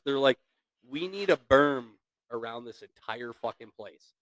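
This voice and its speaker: This podcast guest, an equipment operator in his thirties, tells war stories casually, cursing freely and laughing as he plays out others' quotes. His medium-pitched voice is animated, a little slow, and a bit bright, recorded with no echo.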